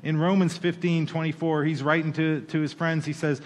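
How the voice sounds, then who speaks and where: A man preaching a sermon as pastor, animated, with playful asides and acted-out quoted voices. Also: on the high side, moderate pace, few pauses, in a large hall.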